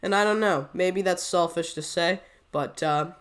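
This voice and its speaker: A woman's voice: on the low side, moderate pace, smooth. A woman hosting a reaction video, who is sick and coughs. She rambles in casual commentary, wordy and full of self-doubt.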